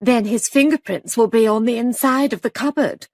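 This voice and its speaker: A woman voicing a frightened, hysterical young man who shouts in a shrill voice. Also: moderate pace, no room sound, clean studio sound. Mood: eager.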